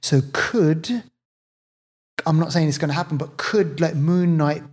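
A man's voice: a little high, unhurried, breathy edge. A man from England co-hosting a film podcast, talking in a rambling way with many fillers and restarts. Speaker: podcast co-host. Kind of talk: casual film review chat.

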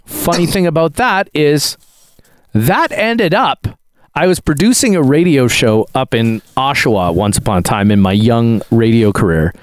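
A man's voice: mid-range voice, expressive, moderate pace, no room sound, studio quality. A man co-hosting a podcast, answering quiz questions and telling self-deprecating stories with good humor. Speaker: podcast co-host. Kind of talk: casual chat.

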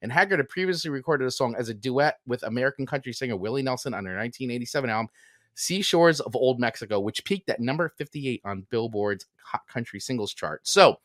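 A man's voice: medium pitch, expressive, fairly bright tone, no room sound. Easygoing male podcast co-host, dry sound. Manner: easygoing, halting, many restarts and fillers. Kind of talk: casual chat.

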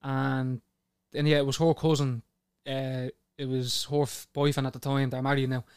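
A man's voice: medium pitch, normal speed, clean tone, no echo, clean studio sound. A young man, a guest in a casual chat, telling stories and acting out other people's voices. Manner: animated storyteller who acts out others' voices.

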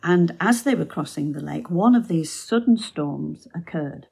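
A woman giving a devotional Bible talk, telling the story slowly and sinking to soft near-whispers. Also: sits low, animated, vocal fry, slightly rough, poor audio. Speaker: Bible teacher.

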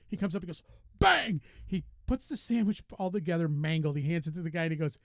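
A man co-hosting a casual podcast, telling stories with lively quoted voices. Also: a little high, fast talker, no echo, studio quality. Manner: animated storytelling, voices rising when quoting. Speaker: podcast co-host. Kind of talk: casual chat.

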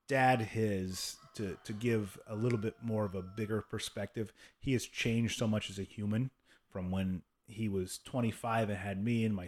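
A man in his thirties hosting a casual interview chat, talking frankly, swearing, and acting out voices when he tells a story. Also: fairly low pitch. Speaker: podcast host.

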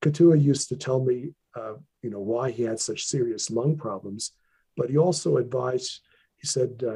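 A man speaking as an interview guest, sharing serious stories about his training in an earnest, measured way with frequent restarts. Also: mid-range voice, warm tone, breathy edge. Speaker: guest, traditional healer. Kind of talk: interview, reflective storytelling.

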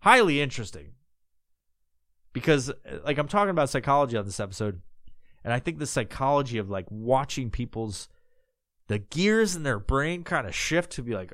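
A man's voice: medium pitch, sing-song, moderate pace, long pauses, a bit bright, no room sound, clean studio sound. A man hosting a podcast, talking in a loose, rambling way with lots of swearing and restarts. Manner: loose and profane, full of fillers and restarts. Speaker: podcast host. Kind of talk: casual rambling monologue.

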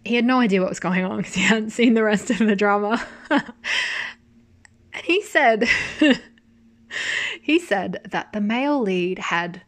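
A woman's voice: medium pitch, moderate pace. Chatty woman recapping a drama. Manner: chatty, animated storytelling with frequent swearing and laughs. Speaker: drama reviewer. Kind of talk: casual chat.

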